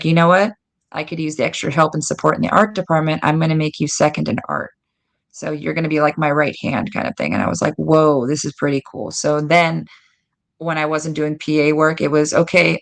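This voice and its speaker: A woman guest telling lively stories in a casual interview, acting out quoted dialogue. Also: deep voice, gravelly. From United States. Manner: animated, lots of "like" and quoted dialogue. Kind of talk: casual storytelling.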